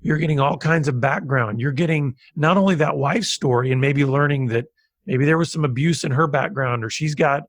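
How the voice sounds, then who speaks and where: A man's voice: on the high side, moderate pace, no echo. Male podcast host, dry close sound. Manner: long, winding questions. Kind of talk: interview questions.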